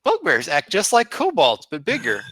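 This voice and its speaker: A man's voice: high voice, huge pitch swings, normal speed, fairly bright tone, no room sound, studio quality, pitched above the performer's own voice, full character voice. A man voicing a small, eager male kobold guide who talks in clipped, broken phrases during a tabletop game. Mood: warning. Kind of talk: tabletop game role-play.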